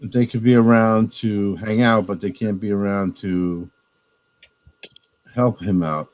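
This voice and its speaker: A man's voice: lowish voice, fairly even intonation, slow pace. A man on a livestream panel, giving blunt, practical advice in casual chat. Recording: dull lo-fi call audio.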